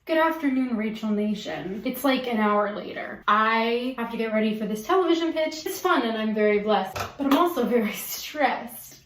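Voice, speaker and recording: A woman's voice: a little high, expressive, moderate pace, hardly any pauses, fairly bright tone, a little hiss or hum. Sarcastic young woman vlogging in an echoey room. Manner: sarcastic, swears freely, laughs between lines. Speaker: vlogger and actress. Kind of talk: casual vlog chat to camera. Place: home office.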